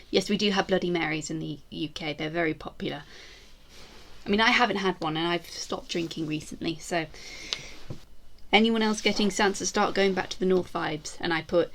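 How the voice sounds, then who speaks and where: A woman's voice: fairly low pitch, normal speed, fairly bright tone. A woman chatting casually as a YouTuber, rambling through self-deprecating asides. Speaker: YouTuber ranking screen portrayals. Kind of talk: casual chat to camera.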